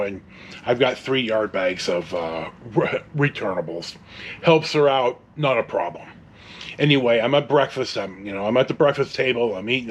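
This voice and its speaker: A middle-aged man hosting his own show, telling a story in a casual, rambling way with lots of fillers and restarts, and chuckling now and then. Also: mid-range voice. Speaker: host.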